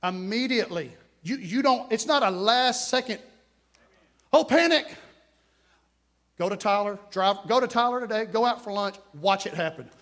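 A man with a high-pitched voice preaching a lively sermon in a church. He swings from shouted exhortation to quiet, hushed asides. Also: a little fast, hardly any pauses. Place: church sanctuary.

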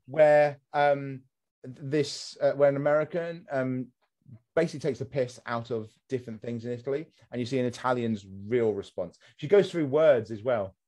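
A man's voice: medium pitch, normal speed, darkish tone. A man hosting a casual podcast chat, ranting with comic exasperation and swearing freely. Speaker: podcast host.

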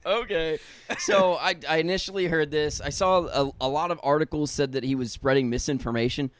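A man's voice: on the high side, fairly even intonation, fairly quick, a little hiss or hum. A young man co-hosting a podcast in rambling, profane casual chat, laughing often. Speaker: podcast co-host.

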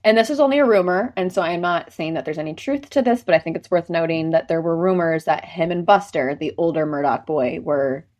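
Chatty woman telling a story, lower voice. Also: brisk, hardly any pauses, a little mellow. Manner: chatty, storytelling, many filler "like"s. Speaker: podcast co-host. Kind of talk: casual chat.

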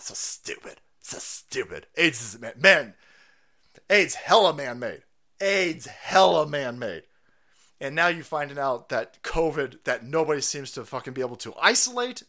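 A man's voice: medium pitch, sing-song, moderate pace, hardly any pauses, sharp tone. A man, a streamer delivering a foul-mouthed, incredulous conspiracy rant.

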